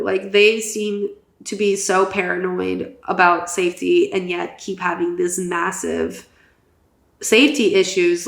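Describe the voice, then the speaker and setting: Young woman, podcast co-host, casual recap chat, filler-heavy, gravelly fry, echoey room. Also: medium pitch. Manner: chatty, filler-heavy, animated.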